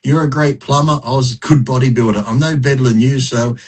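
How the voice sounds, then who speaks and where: A middle-aged man with a husky, mid-pitched voice, talking as a podcast guest. His stories come out blunt and profane, and he is quick to laugh at himself. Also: steady tone, a little mellow, rough recording. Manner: blunt, profane, self-mocking. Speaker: podcast guest, retired bodybuilder. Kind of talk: casual interview storytelling.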